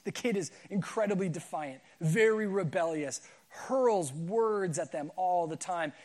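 A man with a fairly high voice preaches a sermon in a loose, conversational way. He tells stories as he goes, with plenty of fillers and false starts. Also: darkish tone. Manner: conversational storytelling with fillers and restarts. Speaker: pastor.

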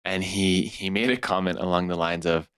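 Man, twenties, from California, animated storyteller, deep-ish voice, dry recording. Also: moderate pace, smooth, no echo. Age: 20s. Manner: animated storyteller, acts out other people's lines. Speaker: podcast guest. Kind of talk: personal storytelling in conversation.

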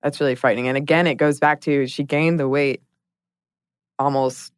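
A woman's voice: a bass voice, fairly even intonation, normal speed, clean tone, dry recording, studio quality. A woman co-hosting a podcast in casual chat, reflective and hedging, laughing often. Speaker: podcast co-host.

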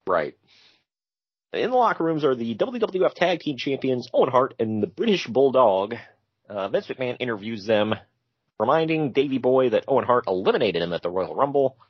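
Animated man recapping wrestling. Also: medium pitch, normal speed, slightly rough, dry recording. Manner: animated, laughs often, jokey asides. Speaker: podcast co-host. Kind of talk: casual wrestling recap chat. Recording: dull lo-fi sound.

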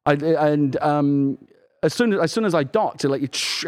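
A man co-hosting a video game podcast, telling animated stories in casual chat and acting out lines. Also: a little high, normal speed. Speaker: podcast co-host.

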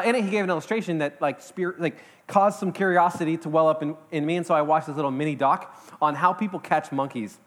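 Fast-talking, upbeat young adults preacher, man. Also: sits high, fairly bright tone. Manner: fast casual delivery with many fillers. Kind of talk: energetic sermon. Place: church service hall with congregation.

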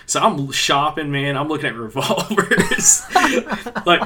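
A male podcast co-host talks through a hunting story in a relaxed, casual way. His voice is bright and forceful, and he keeps turning to the listeners as he tells it animatedly. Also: fairly high pitch, normal speed.

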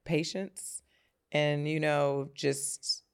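A woman's voice: sits low, little pitch movement, very slow, clear, resonant tone. A woman in casual podcast chat, emphatic and restarting her sentences. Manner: emphatic, repeats herself mid-sentence.

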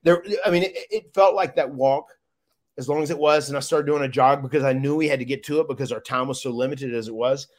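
A man's voice: mid-range voice, quick pace. A man guest in an interview, recalling a big moment with emotion, rambling and restarting often. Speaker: guest, former wrestler. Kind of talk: casual interview storytelling.

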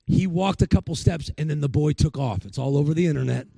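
A man's voice: a little high, quick pace, vocal fry, dark tone, breathy edge, no room sound. A male preacher giving a sermon, telling stories and acting out the people he quotes. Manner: storytelling, acts out the people he quotes.

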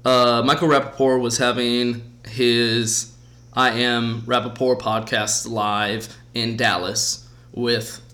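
Profane, animated male podcast host. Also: mid-range voice, takes it slowly. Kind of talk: casual podcast chat.

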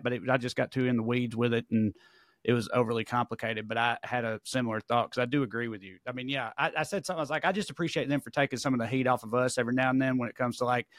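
A man's voice: mid-range voice, fairly bright tone, dry recording, studio quality. A man, co-hosting a podcast in a rambling, profane, joking way. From American South. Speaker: podcast co-host. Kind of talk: casual chat.

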